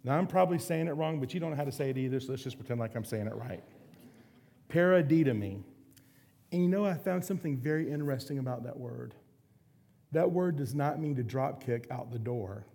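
Animated and earnest, a middle-aged male pastor gives a sermon in a mid-range voice that is dark, mellow, and gravelly at the edges. He regularly eases his pace and lowers to a soft, quiet tone for emphasis.

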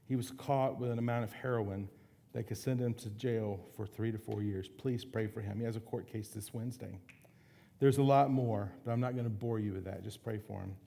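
A middle-aged man preaching a sermon, earnest, slowing down and going soft to drive points home. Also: fairly low pitch, steady tone, creaky. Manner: earnest, slows and softens for emphasis. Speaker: pastor.

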